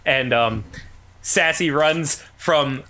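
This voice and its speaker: A man with a bright, sharp voice, pitched a little high, jumps in with quick jokes and agreements. He talks casually about a movie with a friend. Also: slight background noise. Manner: chiming in with short agreements and joking asides. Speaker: podcast co-host. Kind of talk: casual movie recap chat.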